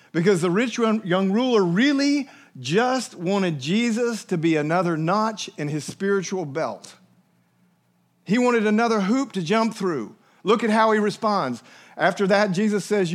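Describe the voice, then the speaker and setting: A man delivers a sermon with lively energy. His voice sits high for a man, and he slips into little acted voices for the people he quotes. He keeps turning to his listeners with questions. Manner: animated preacher, acts out quoted voices, asks the listeners questions. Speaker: pastor.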